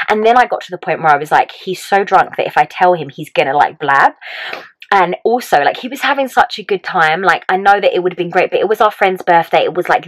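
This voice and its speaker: A woman's voice: fairly low pitch, no echo, rough recording. Chatty young woman, dry close sound. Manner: chatty, animated, lots of "like", acts out her own reactions. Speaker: vlogger. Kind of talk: casual storytelling to camera.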